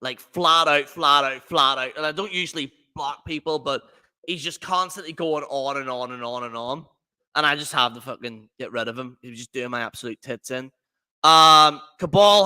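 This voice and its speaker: A man's voice: a little high, normal speed, sharp tone, clear, resonant tone. A man hosting a livestream, ranting in a profane, rambling, mocking way. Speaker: livestream host. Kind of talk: casual rant on a livestream.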